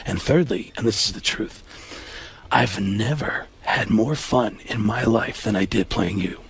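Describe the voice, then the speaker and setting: A man impersonating an earnest actor who speaks in a low, hushed and intense voice. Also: measured pace, slightly rough, heavily acted.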